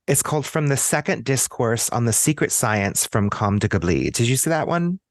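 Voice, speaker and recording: A man's voice: mid-range voice, sing-song, normal speed, dry recording, studio quality. An American man speaking as a podcast guest in a casual discussion. He thinks aloud, chats freely and often restarts his sentences.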